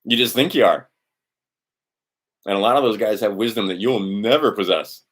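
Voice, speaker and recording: A man with a deep, low voice hosts a livestream in a loose, meandering way. He talks bluntly, swears now and then, and mutters to himself while searching through a document. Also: moderate pace, breathy edge. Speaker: livestream host. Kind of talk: rambling casual livestream monologue.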